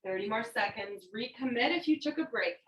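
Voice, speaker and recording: A woman's voice: a little high, lively intonation, a little fast, fairly bright tone. A woman teaching a yoga class, cueing breaths and poses while she demonstrates them, a little out of breath. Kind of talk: guided yoga class instruction. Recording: roomy, mic at a distance.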